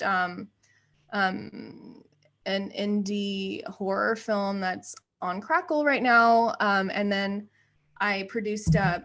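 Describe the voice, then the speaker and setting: A woman in her thirties from the United States, chatting as a podcast guest and acting out quotes as she tells stories. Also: medium pitch. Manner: animated storyteller, acts out quotes. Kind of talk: casual interview chat.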